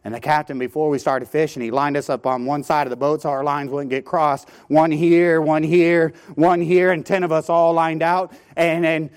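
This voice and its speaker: A man preaching a sermon from a church pulpit. He tells a story with lively energy and often repeats words as he starts a phrase. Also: a little high, normal speed, hardly any pauses, smooth. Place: church sanctuary.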